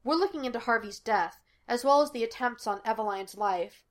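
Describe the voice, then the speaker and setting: A woman's voice: fairly high pitch, brisk, lightly acted. A woman voicing a flippant, teasing young man who poses as a psychic detective, in a storybook reading. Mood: probing. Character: cocky young male fake psychic, wisecracking.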